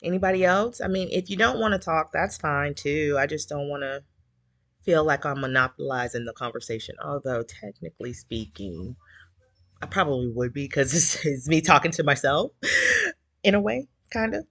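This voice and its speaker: A woman's voice: low voice, moderate pace, fairly bright tone, dry recording. A woman hosting a casual chat with listeners, speaking candidly and emotionally, a little teary, with many fillers. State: slightly teary. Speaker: community group host.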